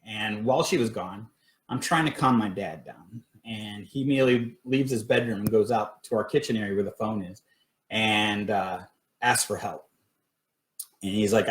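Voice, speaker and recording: A middle-aged man telling his own ghost stories on a live stream, halting, with many fillers and restarts. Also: lowish voice. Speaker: paranormal investigator telling his experiences. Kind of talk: casual storytelling on a live stream. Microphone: phone or webcam. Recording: echoey room.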